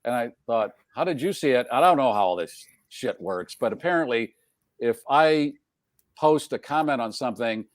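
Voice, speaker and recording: A man's voice: medium pitch, animated, moderate pace, no room sound, studio quality. A man hosting a live talk show, chatting casually in a jokey, rambling way. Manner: jokey, rambling, laughs often. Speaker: host. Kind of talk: casual chat.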